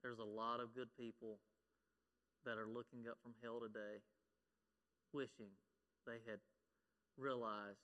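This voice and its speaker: A man's voice: medium pitch, flat delivery, a little slow, pauses often, fairly bright tone, lo-fi sound. A man preaching a sermon as pastor, earnest, quoting scripture and at times getting choked up. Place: church sanctuary. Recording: long reverb of a church hall.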